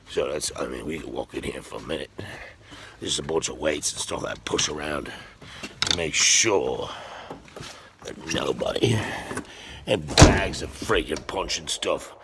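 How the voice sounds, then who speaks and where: A man in his fifties telling crude, boastful stories in a casual vlog monologue while walking around his home gym. He swings between loud bursts and low mutters. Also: a little slow, gravelly, long pauses, noisy background. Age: 50s. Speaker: vlogger.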